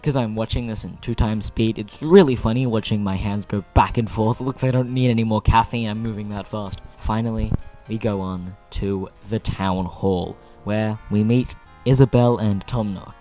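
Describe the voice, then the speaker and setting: A young man giving casual, animated commentary over his own gameplay, joking with exaggerated dismay. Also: lowish voice, normal speed, soft background music. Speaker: gaming video host.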